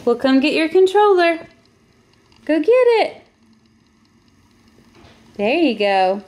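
Slow-talking, high-voiced laughing mom. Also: female voice, sing-song. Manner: giggly, gently coaxing toward her children. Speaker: mother. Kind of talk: casual family vlog chat. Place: family home.

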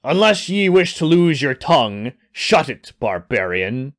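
A man's voice: mid-range voice, sing-song, unhurried, pitched below the performer's own voice. A man growling as a menacing pirate captain. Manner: snarling, threatening, archaic speech.

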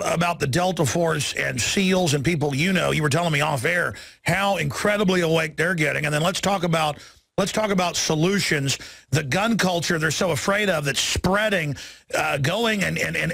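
Radio host guy, gravelly voice, rambles fast with lots of restarts, dry close sound. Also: a little high, fairly bright tone, no room sound. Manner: rapid, rambling, many restarts. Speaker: radio talk show host. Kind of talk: talk radio interview.

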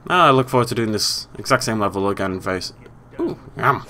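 A British man commentating his gameplay, swinging from exasperated yelling to low muttering. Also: animated, fast. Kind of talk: let's play commentary.

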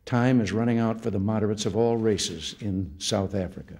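A man in his seventies from the United States speaks at a podium in a formal state room, laying out a policy address in slow, deliberate phrases. His voice is husky and sits a little low. The delivery is that of a practiced speaker reading a prepared text. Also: a little mellow. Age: 70s. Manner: measured, deliberate oratory in short phrases. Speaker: head of state giving an address.

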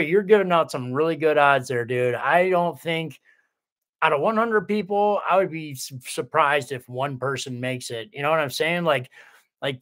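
Streamer type: a man with a slightly high voice, loose and profane, chats with his viewers and keeps restarting his thoughts. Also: a bit bright. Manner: rambling, profane, full of restarts; reads viewer comments aloud. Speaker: livestream host reading viewer chat. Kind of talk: casual livestream chat.

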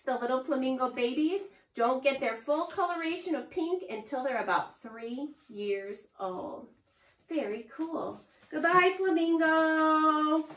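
A woman teaching preschoolers in a high, very lively sing-song voice. She speaks slowly and draws out her words for little listeners. She sounds distant from the mic, with a strong room echo. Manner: slow, sing-song, exaggerated teacher delivery. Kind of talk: children's lesson. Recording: echoey room, far from mic.

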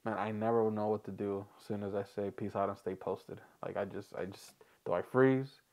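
A man's voice: fairly low pitch, steady tone, moderate pace, darkish tone. Rambling, joking male reaction host. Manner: rambling, joking, laughing between lines. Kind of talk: casual reaction commentary.

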